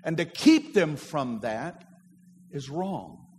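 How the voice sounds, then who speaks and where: A man's voice: on the high side, expressive, slow pace, a little mellow, a little hiss or hum. A man, a pastor, preaching a sermon to his congregation and calling on them to repeat after him. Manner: preaching with call-and-response to a congregation. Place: church sanctuary. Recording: long hall reverb of a church.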